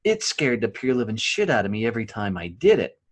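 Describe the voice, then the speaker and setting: A man's voice: on the low side, big pitch swings, fairly quick. A middle-aged man from the rural United States, a podcast guest telling stories in a blunt, profane way and often checking in with "right?". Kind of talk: casual storytelling.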